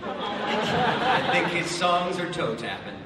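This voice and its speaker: A man's voice: high-pitched, sing-song, slow. A man answers fan questions with a chuckling, self-deprecating ramble and trips over his words as he goes. He sounds distant from the microphone, and his voice carries around a cavernous hall. A noisy crowd fills the space behind him. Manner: self-deprecating, stumbling, laughing. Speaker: actor on a convention panel. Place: large convention hall. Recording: echoey convention hall from far off, loud crowd.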